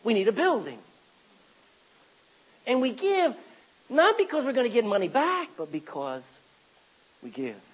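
A man's voice: extremely high pitch, very animated, measured pace, long pauses, breathy edge, low-quality recording. A man preaching a sermon as pastor, reading scripture aloud and calling out for amens from the congregation.

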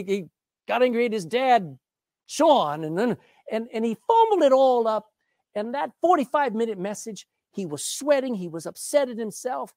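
A pastor preaching a sermon, telling stories and going from soft, low passages to loud, emphatic ones. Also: male voice, no room sound, studio quality.

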